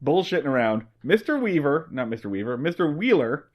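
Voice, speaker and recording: A man's voice: fairly high pitch, sing-song, highs cut off. A man co-hosting a comedy podcast, retelling scenes in a profane, joking way. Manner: profane, fast, laughing storytelling. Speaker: podcast co-host. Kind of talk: casual comedic recap chat.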